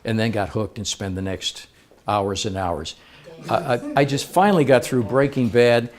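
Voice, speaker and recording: A man's voice: lowish voice, normal speed. A man speaking to a live seminar audience, playful and engaging, asking the crowd questions as he goes.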